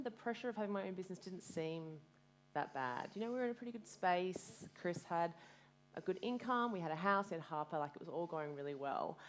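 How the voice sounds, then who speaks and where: A woman in her thirties who owns a fitness business speaks as a guest at a live community event, telling her story frankly and energetically. She swears freely and quotes herself in a deep voice, with a little hiss or hum in the background.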